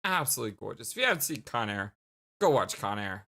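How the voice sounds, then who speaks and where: A man's voice: fairly low pitch, sing-song, quick pace, vocal fry, pushed and bright. A man hosting a story game let's play who laughs often and talks in a casual, giggly way.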